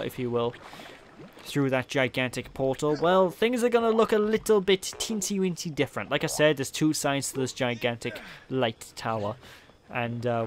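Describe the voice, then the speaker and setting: A man's voice: medium pitch, fairly bright tone, a little hiss or hum. A man with a Welsh accent giving casual, rambling, self-mocking commentary while playing a video game. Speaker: let's play commentator. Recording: game music playing behind. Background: game music.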